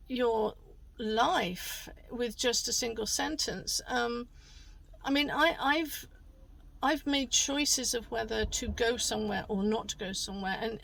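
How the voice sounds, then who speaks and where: A woman's voice: a little high, creaky, fairly bright tone, a little hiss or hum, rough recording. Chatty woman, rambling. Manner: rambling, chatty, many fillers and restarts. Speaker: tarot reader. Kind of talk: casual monologue.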